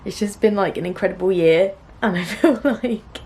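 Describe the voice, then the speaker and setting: Young woman, home sewing vlogger, gentle and chatty with soft laughs, talking straight to camera. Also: medium pitch, normal speed. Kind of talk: casual chat to camera. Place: small room at home.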